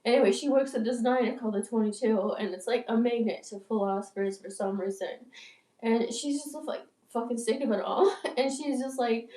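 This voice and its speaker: A woman in her sixties with a croaky, congested voice, rambling loosely with lots of fillers and casual swearing. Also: normal speed, warm tone. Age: 60s. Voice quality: croaky, deeper than usual. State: congested, clogged up. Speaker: musician and vlogger. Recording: roomy echo, distant from mic.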